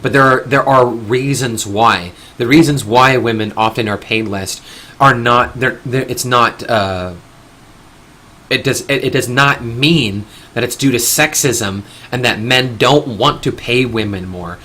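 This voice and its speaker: A man's voice: medium pitch, unhurried, sharp tone. A man hosting a live stream, talking in an opinionated, rambling way with frequent restarts and casual swearing.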